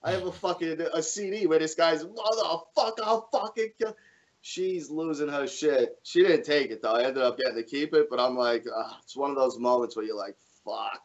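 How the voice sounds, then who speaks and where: This guest on a live comedy podcast talks fast with hardly a pause, his medium-pitched voice steady in tone. He swears freely through his stories and performs the voices of those he quotes, all in casual chat captured with lo-fi sound.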